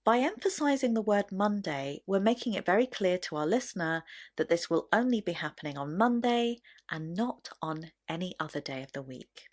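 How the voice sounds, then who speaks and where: A woman explaining sentence stress in a video lesson, speaking clearly and deliberately as she demonstrates. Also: mid-range voice, lively intonation. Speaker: English teacher.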